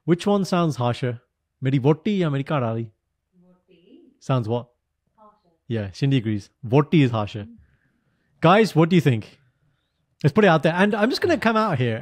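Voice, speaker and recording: A man's voice: fairly high pitch, darkish tone. A British man co-hosting a casual podcast chat, teasing his friend and mixing in Punjabi phrases. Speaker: podcast co-host.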